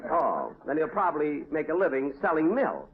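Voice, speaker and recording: An actor playing an exasperated, wisecracking comedian who talks in a dry, sarcastic deadpan on an old radio comedy broadcast. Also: male voice, fairly high pitch, normal speed, noisy background. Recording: tinny old radio broadcast with studio audience.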